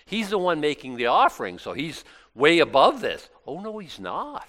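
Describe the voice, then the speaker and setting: Chatty pastor guy, middle-aged, pitch bouncing all over, acts out bits as he goes. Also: wildly swooping pitch, normal speed, fairly bright tone. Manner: conversational preaching with laughs and acted asides. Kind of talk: sermon.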